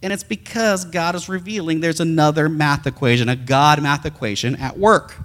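A middle-aged male pastor giving an animated sermon, swinging between loud emphasis and soft, intimate talk. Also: fairly high pitch, normal speed, big-room sound.

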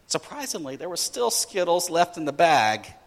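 A man preaching a sermon, telling a family story in an animated way and acting out his children's voices. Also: a little high, normal speed, in a large hall. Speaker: pastor.

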